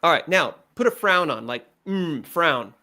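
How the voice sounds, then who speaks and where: A man giving direct, animated feedback as a pitch coach, acting out examples as he goes. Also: brisk.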